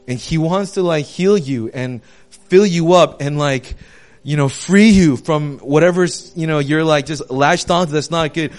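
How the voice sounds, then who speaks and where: Chatty, animated young preacher man. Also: a little high. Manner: animated, conversational, slangy. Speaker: youth pastor. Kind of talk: casual sermon.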